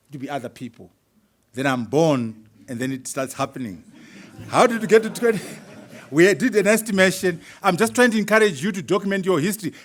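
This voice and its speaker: A middle-aged man from Zimbabwe presenting his own book at a university launch, talking lively and chuckling through asides to the audience. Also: high voice. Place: university hall at a launch event.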